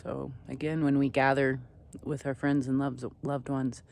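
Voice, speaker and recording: A man vlogging outdoors at a desert campsite on a ridge, speaking in a slow, earnest, meandering way that sometimes sinks to soft near-whispers. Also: medium pitch, little pitch movement, creaky. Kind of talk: reflective spiritual vlog talk.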